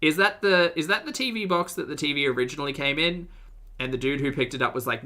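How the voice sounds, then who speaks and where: Reaction host snarking over clips, bright sharp voice, pitch jumps up a lot when fed up. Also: sing-song, fairly quick. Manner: wry, sarcastic asides, exasperated outbursts.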